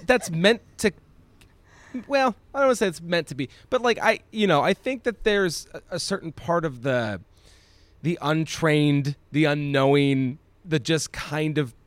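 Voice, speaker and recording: A man with a fairly high voice talks films on a podcast, his pitch leaping up and down as he gets excited. He stammers and restarts often and lets a swear slip. The sound is dry and close. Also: no room sound. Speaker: podcast co-host. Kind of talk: casual film discussion.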